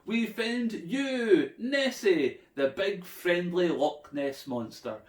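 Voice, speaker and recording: A man's voice: a little high, wildly swooping pitch, slow, exaggerated voice. A man voicing a group of eager, curious children in a story for kids. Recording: echoey room.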